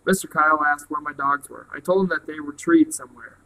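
A man reading a novel aloud in a plain, steady way. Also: on the high side, a little fast, vocal fry, rough recording. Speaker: reader.

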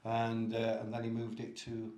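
A man's voice: medium pitch, monotone, moderate pace, darkish tone. A man, a former footballer guesting on a podcast, speaking plainly with hesitant fillers. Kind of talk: casual chat. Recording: roomy echo.

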